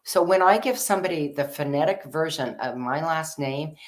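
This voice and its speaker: A woman's voice: sits low, moderate pace. A woman co-hosting a casual advice talk show, chatty and encouraging. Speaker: co-host.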